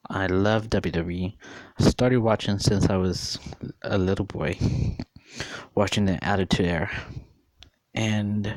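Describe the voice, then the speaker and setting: Man, thirties, low voice, unhurried, dry recording, earnest rambling questions. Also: steady tone, darkish tone, dry recording. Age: 30s. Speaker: vlogger. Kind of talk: casual opinion monologue.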